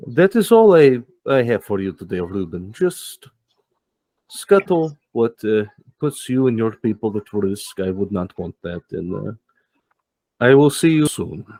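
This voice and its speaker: A man's voice: fairly low pitch, big pitch swings, a little slow, mellow, no room sound. A man voicing a scheming male fixer with cybernetic hands, speaking formally and in a raised voice.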